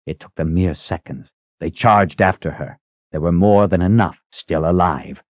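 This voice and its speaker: A man's voice: low-pitched, moderate pace, dry recording. A man reading a fantasy audiobook as narrator, dramatic and shifting his pace. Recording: slightly muffled dry recording.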